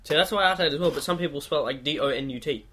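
A man with a slightly raised voice, co-hosting a casual chat podcast. He talks loosely, teases his friend and swears freely. It sounds like relaxed banter between mates. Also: a little high, very fast, husky. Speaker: podcast co-host.

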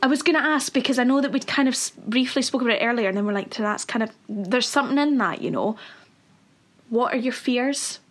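A Scottish woman hosts a podcast in easy, casual chat. Her voice sits fairly high, and she talks in a chatty, teasing way, swearing now and then. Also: fairly quick. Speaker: podcast host.

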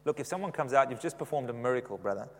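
Preacher in a reverberant hall. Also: male voice, mid-range voice, expressive, racing. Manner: conversational, asks the congregation questions. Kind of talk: sermon.

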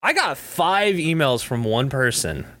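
Male co-host, mid-pitched, very animated delivery, playful storyteller, dry close sound. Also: measured pace, dry recording. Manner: rambling, laughs often, acts out quoted people. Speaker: podcast co-host. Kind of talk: casual podcast chat.

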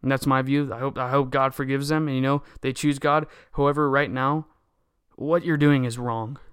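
This podcast host has a clear, resonant mid-range voice that barely moves in pitch, and he speaks at a normal speed. His political monologue is heated and indignant, circling back again and again to the same grievances. It's captured in studio quality with no room sound.

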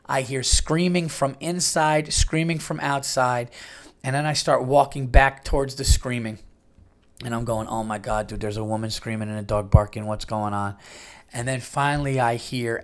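A man in his late thirties telling stories in a casual, profane monologue, acting out quotes in raised voices. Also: mid-range voice. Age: late 30s. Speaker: podcast host.

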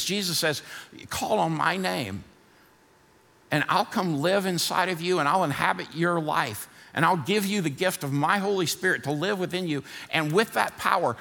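A man preaching from a church stage, his voice gravelly with a bright, forceful edge. He swings between hard-driving shouts and a hushed prayer tone. The sanctuary adds a long reverb, and soft music plays faintly behind him. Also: a little high. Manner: builds to fired-up shouting, then softer prayer. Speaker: pastor. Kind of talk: sermon.

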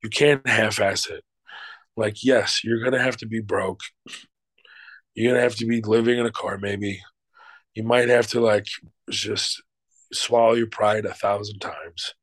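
A man's voice: fairly low pitch, steady tone, a little slow, long pauses, fairly bright tone, no echo, rough recording. A middle-aged man, an actor and showrunner, answering interview questions in a loose, emphatic way, swearing freely and using many fillers.

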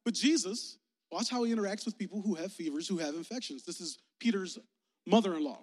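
A man preaching a lively, joking youth sermon in slangy talk, acting out little voices as he tells stories. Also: high-pitched, brisk. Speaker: youth pastor. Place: church sanctuary. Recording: long reverb of a church sanctuary.

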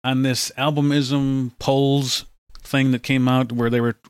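A man co-hosting a podcast, asking a guest questions in a relaxed, casual way. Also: mid-range voice, measured pace, clean tone, no echo. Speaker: podcast co-host. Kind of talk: casual interview chat.

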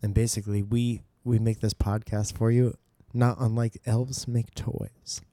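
Low, mellow-voiced male podcast host. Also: flat delivery, measured pace. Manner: joking, rambling. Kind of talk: casual chat.

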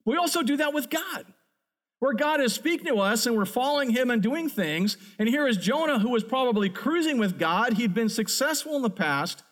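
A middle-aged man preaching a sermon, telling a childhood story in an animated, storytelling way. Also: very high-pitched, moderate pace. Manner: animated storyteller, builds to excited peaks. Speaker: pastor.

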